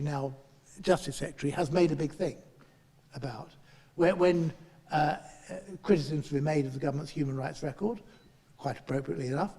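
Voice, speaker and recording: A middle-aged man chairing a panel and giving a speech, halting and restarting often as he talks in a meeting room in Parliament. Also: on the high side, warm tone, slightly rough, big-room sound. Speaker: chair and politician.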